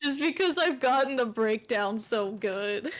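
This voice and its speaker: A woman with a somewhat high voice jokes around as a stream co-host. Her manner is laid-back and teasing. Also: animated, measured pace. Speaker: co-host friend. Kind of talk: casual chat on a live stream.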